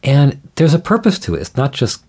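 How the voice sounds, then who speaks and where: A man explaining ideas in a measured, thoughtful way, often restarting his sentences as he talks things through. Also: mid-range voice, wildly swooping pitch, a little mellow. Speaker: guest scholar. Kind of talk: conversational explanation.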